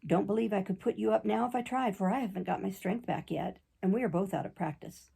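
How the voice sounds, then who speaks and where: A woman reading an audiobook, voicing a plain-spoken middle-aged father and former circus rider, with a gravelly, husky voice. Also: mid-range voice, quick pace, mellow, full character voice. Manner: plain folksy country speech.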